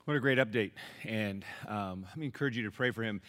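A man pastor telling a lively story to his church, then leading an earnest prayer. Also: lowish voice, fast talker. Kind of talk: sermon and congregational prayer.

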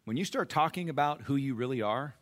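A man preaching a sermon as pastor, animated, with rhetorical questions, swinging between loud emphasis and hushed asides. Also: mid-range voice, brisk.

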